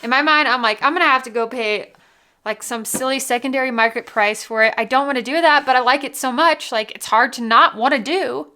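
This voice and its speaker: A woman's voice: high-pitched, fairly quick, sharp tone. A woman hosting a casual whiskey vlog from home, bubbly and gushing, full of "like" and "literally". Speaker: whiskey vlogger.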